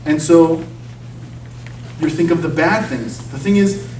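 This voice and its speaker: A man's voice: fairly high pitch, a little slow, a little mellow, distant mic, slight background noise. A man giving an informal sermon-style talk in a church, speaking conversationally and often checking in with his listeners with "okay?" and "you see?". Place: church sanctuary. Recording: echoey church recorded from afar.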